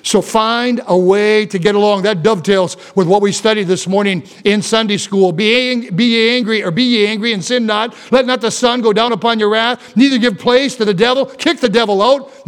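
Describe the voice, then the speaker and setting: Male Baptist preacher, high-pitched, folksy, swings from loud exhortation to quiet asides. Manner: stammering restarts, folksy preaching. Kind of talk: sermon.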